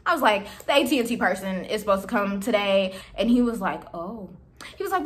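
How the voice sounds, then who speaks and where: A young woman in her twenties casually retelling a story to her viewers, animated and exasperated, acting out the dialogue. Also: medium pitch, fairly quick. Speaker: vlogger telling a storytime.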